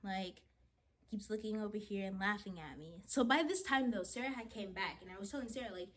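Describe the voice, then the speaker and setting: A young woman vlogger chatting to the camera while getting ready, retelling a story in an animated, dramatic way with lots of "like"s. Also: mid-range voice, brisk.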